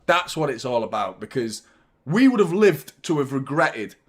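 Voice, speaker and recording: Excitable football fan. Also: male voice, medium pitch, moderate pace. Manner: excitable, swearing, chanting along. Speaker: fan channel host. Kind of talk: live football watchalong commentary.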